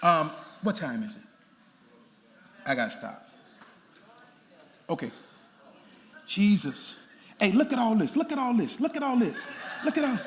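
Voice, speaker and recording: Lively, high-voiced preaching pastor. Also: male voice, measured pace, pauses often. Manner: animated, playful preaching with laughing asides to the congregation. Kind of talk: sermon. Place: large church sanctuary. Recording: church hall reverb with faint room noise.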